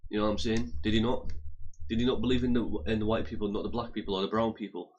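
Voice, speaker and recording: A man's voice: lowish voice, fairly even intonation, fast talker, a little mellow, lo-fi sound. A young man, ranting casually in a heated way, swearing and repeating himself as he stumbles over his words.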